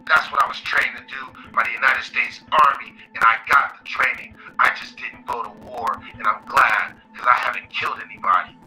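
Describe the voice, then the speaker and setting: A man losing his voice, speaking in a hoarse, half-whispered voice as he rambles on agitatedly about his grievances. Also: medium pitch, fairly even intonation, moderate pace, hardly any pauses, bright, forceful tone, poor audio. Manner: agitated, rambling, self-aggrandizing. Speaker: caller in played recording. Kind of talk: complaint call.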